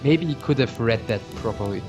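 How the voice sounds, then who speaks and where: A man co-commentating a strategy game match in an analytical way, pausing often with fillers. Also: mid-range voice, expressive. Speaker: esports co-commentator. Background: background music.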